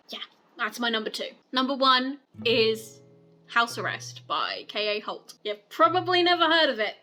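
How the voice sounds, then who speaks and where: A woman's voice: medium pitch, bright, forceful tone. A woman book vlogger giving casual recommendations, gushing and rambling in a chatty way with frequent laughs.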